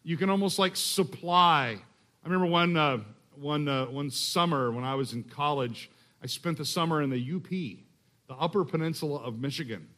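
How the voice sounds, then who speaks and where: Middle-aged man, from Texas, somewhat high voice, conversational preacher, slow deliberate readings. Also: pushed and bright. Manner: conversational, restarts phrases, slows to read scripture. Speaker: pastor. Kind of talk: sermon.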